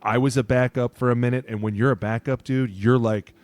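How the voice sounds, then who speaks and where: A man's voice: mid-range voice, steady tone, a little fast, darkish tone, no echo. Blunt, profane former lineman. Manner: blunt, profane, acts out coaches' lines. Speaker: podcast co-host, former NFL offensive lineman. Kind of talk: casual sports chat.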